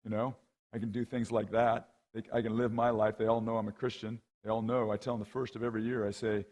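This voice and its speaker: A lowish-voiced, fast-talking middle-aged rowing coach gives a conversational storytelling talk as guest speaker at a men's conference. Lively throughout, he acts out the people in his anecdotes and regularly checks in with "right?" and "okay?".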